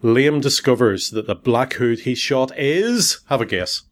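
Wry Northern Irish podcast host. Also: male voice, mid-range voice, animated, a little slow. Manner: wry, jokey, then earnest. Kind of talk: casual chat, comic synopsis.

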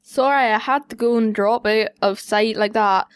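A woman's voice: on the high side, fairly even intonation, normal speed, clear, resonant tone, lightly acted. A woman putting on a broad Belfast young man. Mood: rueful apology. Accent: broad Belfast put-on. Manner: reading aloud, breaking into laughter.

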